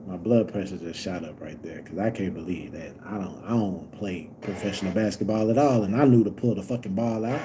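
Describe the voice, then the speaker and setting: A young man reacting live to a basketball game, yelling at the players and swearing, moving from low grumbling to loud outbursts. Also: normal speed, background noise. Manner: yells at the players, profane and exasperated; swings from low muttering to loud shouts.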